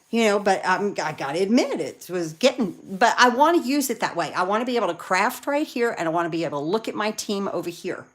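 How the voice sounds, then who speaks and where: A woman chatting excitedly with viewers while she demonstrates card making live from her craft room. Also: medium pitch, fast, hardly any pauses. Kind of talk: live crafting demo chat.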